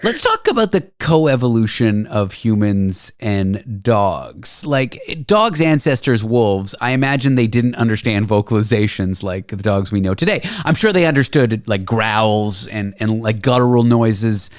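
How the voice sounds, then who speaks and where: A man hosting a talk show, relaxed and playful, peppering his questions with "like". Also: on the low side, a little slow, few pauses, no echo, clean studio sound. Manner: relaxed and playful, with lots of filler "like"s. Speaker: radio show host. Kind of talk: casual interview and show segues.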